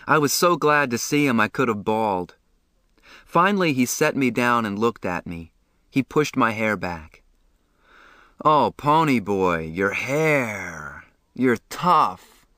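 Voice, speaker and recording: A man narrating a novel in the first person with a measured, plain delivery. He reads slowly, at a mid-range pitch. The recording is dry and close. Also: a bit bright, smooth, dry recording. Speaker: audiobook narrator.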